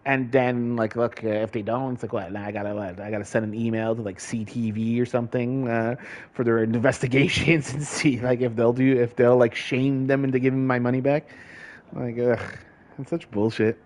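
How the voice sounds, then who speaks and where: A man's voice: mid-range voice, fairly even intonation, moderate pace, a little mellow. A man in a casual vlog, venting in an exasperated, profane way and laughing often as he talks. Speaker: vlogger. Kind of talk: casual ranting chat.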